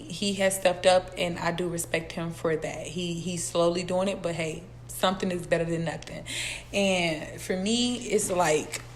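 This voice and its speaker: A young woman, telling a personal story in a casual vlog, blunt, profane and animated as she talks straight to her viewers. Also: lowish voice. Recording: echoey room with faint background noise.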